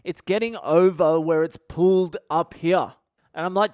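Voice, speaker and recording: Australian man, comedian podcast host, brash sweary storytelling, smooth voice, dry close sound. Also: a little high, normal speed, darkish tone, no room sound. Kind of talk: profane comedic storytelling monologue.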